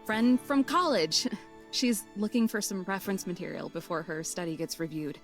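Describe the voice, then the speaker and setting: A woman voicing a dry, no-nonsense park ranger in a visual novel, curt and deadpan. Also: medium pitch, normal speed, soft background music, natural voice.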